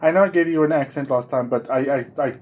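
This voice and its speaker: A man's voice: medium pitch, fast talker, darkish tone. A man giving casual, blunt and jokey commentary while playing a game, swearing now and then. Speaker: gameplay commentator.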